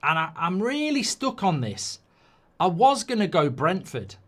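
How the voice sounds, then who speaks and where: A man's voice: sits high, big pitch swings, measured pace. A man giving football predictions in a rambling, jokey way, often interrupting himself. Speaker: football pundit. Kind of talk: casual football predictions chat.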